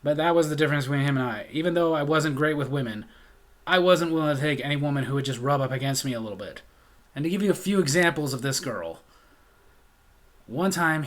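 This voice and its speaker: A man's voice: a little high, fairly bright tone. An American man telling a comedic story from his life in a sardonic, exasperated way. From United States.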